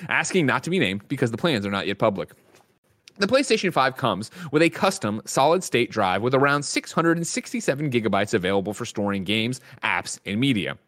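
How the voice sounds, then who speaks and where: A man hosting a casual gaming news show, joking around and reading news stories aloud. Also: mid-range voice. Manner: animated, quick jokey banter, reads news aloud. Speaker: show host.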